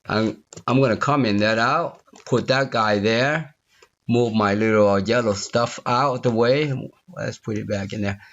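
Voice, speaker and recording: A man teaching a software tutorial while he debugs on screen, thinking aloud, repeating phrases and asking the viewer if they see it. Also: on the low side, unhurried, muffled recording. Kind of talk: unscripted screen-recorded coding walkthrough.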